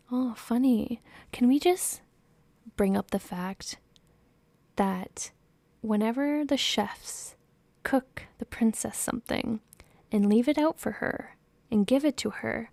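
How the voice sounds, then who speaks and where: A woman podcast host reading a novel aloud, softly whispering the narration and breaking off with gushing, laughing commentary. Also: a little high, slow pace, creaky, dry recording. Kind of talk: book reading with excited commentary.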